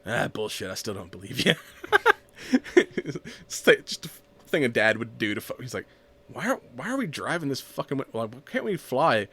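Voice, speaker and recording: A man's voice: mid-range voice, big pitch swings, normal speed, sharp tone, husky. A man casually recapping a movie on a podcast, rambling, laughing often and acting out the lines. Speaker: podcast co-host.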